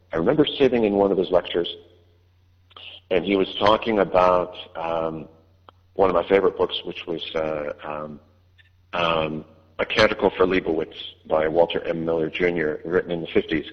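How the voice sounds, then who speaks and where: A man's voice: sits low, steady tone, moderate pace. A man, an audiobook narrator, answering interview questions in a hesitant way, with many fillers and restarts. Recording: dull line with long reverb.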